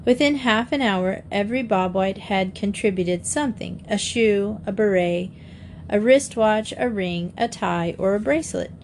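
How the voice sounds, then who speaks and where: A woman narrating a children's mystery audiobook in a measured, gentle storytelling voice. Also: mid-range voice, a little hiss or hum.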